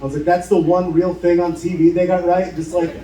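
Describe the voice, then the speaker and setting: A man's voice: high voice, little pitch movement, brisk, warm tone. A man telling a live story at a bar show, casual and swearing, playing the people in his tale. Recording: echoey room, mic heard from a distance. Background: audience cheering and laughing.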